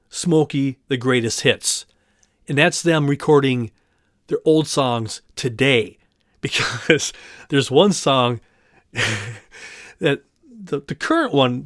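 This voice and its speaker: A man talks through his solo podcast in a loose, rambling way. He pokes fun at himself as he goes, and his voice sits at an ordinary middle pitch. The recording is dry and close, with no room sound. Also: no echo. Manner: chatty, rambling, self-deprecating, friendly. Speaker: podcast host. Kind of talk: casual solo podcast talk.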